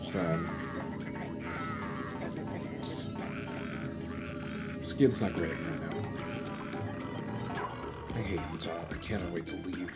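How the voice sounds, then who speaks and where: A man with a naturally gravelly voice, fairly low-pitched, chatting casually and wryly while he plays. He grumbles and laughs as he goes, with game music clearly audible underneath. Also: slow, pauses often. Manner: wry, grumbling, laughs often. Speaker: streamer. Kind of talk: casual let's-play commentary.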